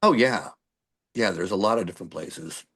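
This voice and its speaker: Low-voiced man telling road stories. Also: moderate pace, husky. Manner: animated anecdotes with acted-out quotes. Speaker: musician guest. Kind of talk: storytelling interview.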